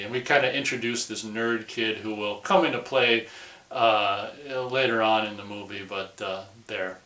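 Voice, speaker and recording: A man's voice: fairly low pitch, fairly even intonation, normal speed, sharp tone. Male film reviewer, rambling casual recap, echoey room. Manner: rambling, loose, peppered with "or whatever". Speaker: movie reviewer.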